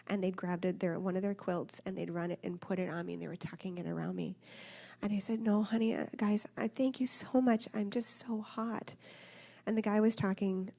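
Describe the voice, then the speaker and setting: A woman in her thirties telling a personal story in a church talk, acting out the voices of the people in it. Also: mid-range voice. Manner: animated, acts out voices of others in her story. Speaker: speaker sharing a personal story.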